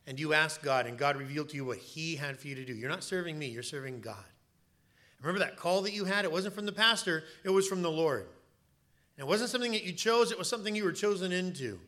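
A man's voice: a little high, animated, fast, sharp tone. A male pastor preaching a sermon in a church, telling stories and stressing points by repeating words.

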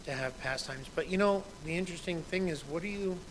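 A man's voice: on the high side, brisk, a little hiss or hum, rough recording. A man in his thirties, a pastor preaching a sermon in a conversational way, quoting scripture with emphasis.

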